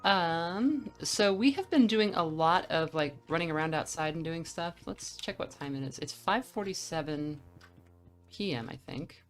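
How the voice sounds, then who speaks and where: Relaxed low-voiced woman gaming. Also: normal speed, soft background music. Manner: rambling, relaxed, with fillers. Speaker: streamer narrating a playthrough. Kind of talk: casual game commentary.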